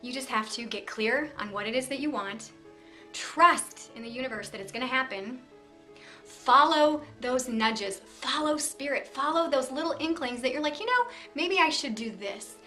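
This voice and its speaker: A middle-aged woman hosting a motivational video series, talking to camera with lively encouragement, numbered steps and little stories. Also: high-pitched, normal speed, soft background music. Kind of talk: upbeat motivational talk to camera.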